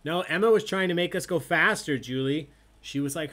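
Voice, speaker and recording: A man hosting an online trivia night, announcing questions and scores in a loud, playful way. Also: on the high side, a little fast. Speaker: trivia host.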